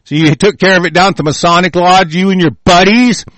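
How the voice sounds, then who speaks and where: Smug crooked official, sneering, a man mocking him, kinda high, dry close sound. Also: fairly even intonation, fairly quick, fairly bright tone, no echo.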